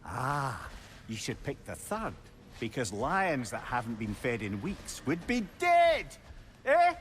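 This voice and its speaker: A chatty, playful talking head. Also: male voice, mid-range voice, wildly swooping pitch, takes it slowly, slight background noise. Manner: playful, teasing, fond of riddles and puns. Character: witty, chatty male talking severed head. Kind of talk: video game voice acting. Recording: game audio with music behind.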